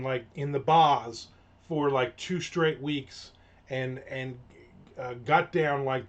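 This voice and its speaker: His voice on the high side, a middle-aged man hosts a rant segment of his own. The talk is casual, sarcastic, and rambling, with many fillers and restarts, recorded with a dull lo-fi sound.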